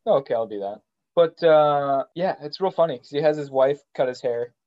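A man co-hosting a podcast in casual chat, joking and halting with frequent restarts. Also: on the high side. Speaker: podcast co-host. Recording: dull lo-fi sound.

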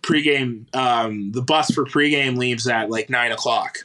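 A former hockey player in his thirties from Canada recounts his past in a relaxed interview. His voice is bright and forward. He talks haltingly, full of fillers and restarts, and breaks into laughter often. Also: medium pitch, rough recording. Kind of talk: casual interview storytelling.

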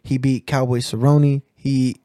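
A man chatting casually on a podcast, hyped up, giving shout-outs and checking in with his listener. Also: medium pitch, flat delivery, a little slow, dry recording, clean studio sound. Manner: hyped, gives shout-outs, keeps saying "you know what I'm saying". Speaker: podcast co-host. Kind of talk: casual chat.

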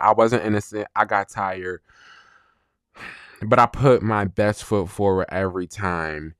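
A man with a lowish voice hosts a solo podcast, talking through a breakup in a candid, unfiltered way. He swears freely and pauses to reflect. The sound is dry and close, with no room around it. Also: clear, resonant tone, no echo. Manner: candid, blunt and profane, slow and reflective. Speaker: podcast host. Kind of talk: confessional solo podcast monologue.

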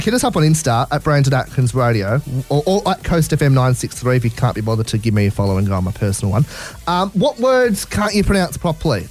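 Teasing Australian radio host, lively pitch. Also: male voice. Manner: teasing, playful banter. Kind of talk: casual radio chat.

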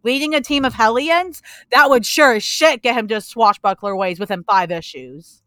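A woman's voice: on the high side, normal speed, no echo. Emphatic, swearing woman podcast co-host. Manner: animated, swears freely, emphatic repetition. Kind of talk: casual comics podcast chat.

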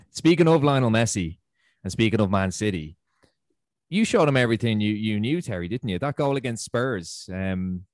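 A man hosts a casual interview in a relaxed way and laughs easily between questions. His voice sits a little low. The sound is dry and close. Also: moderate pace, no echo. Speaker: podcast host. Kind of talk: casual chat.

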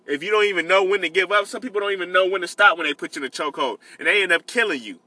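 A man in his late twenties speaks in a loose, earnest way, circling back to his points and dropping street slang as he advises his followers. His voice sits a little high and sounds strikingly bright. He talks from a vehicle between delivery runs. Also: racing, dry recording. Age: 20s. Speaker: vlogger giving life advice. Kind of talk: casual talk to camera between delivery pickups.

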